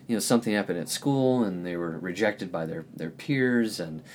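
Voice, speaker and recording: A man hosting a podcast, giving a reflective spiritual teaching in an earnest, gentle, searching way. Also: deep voice, animated, normal speed, slight background noise. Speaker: podcast host.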